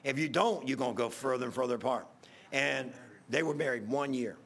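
A middle-aged pastor, preaching in a folksy, rambling storytelling way, repeating himself and getting loud at emotional peaks. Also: male voice, medium pitch, a little fast.

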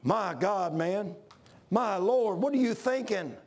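Man preaching a shouted, folksy sermon; high, raspy-edged voice. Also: expressive, slow pace. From Washington, D.C. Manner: fervent, often shouting; folksy, says "man" a lot.

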